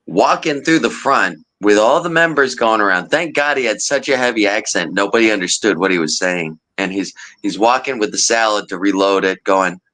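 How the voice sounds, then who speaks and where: Casting: man with a lowish voice, chatty storyteller, laughs between lines. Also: normal speed, hardly any pauses, rough recording. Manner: animated anecdote-telling, laughs often. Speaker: storyteller in a group chat. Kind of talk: casual chat.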